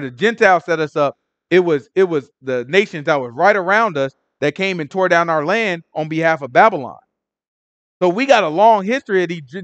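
A man teaching a Bible study in a casual, animated way, acting out the people in the story in everyday slang. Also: fairly high pitch, no echo. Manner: animated storytelling, acts out characters in street slang.

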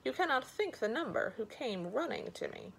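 A woman's voice: sits high, big pitch swings, normal speed, creaky, fairly bright tone, slight background noise, voice pushed up, full character voice, rough recording. A woman voicing a hungry male ogre in a storybook reading, grumbling and demanding. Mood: puzzled.

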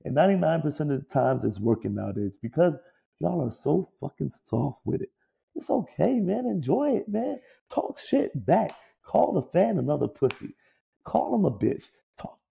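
Male podcast co-host, gravelly dark voice, animated swearing rant, lo-fi recording. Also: a little high, normal speed. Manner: profane, animated ranting. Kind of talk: casual sports chat.

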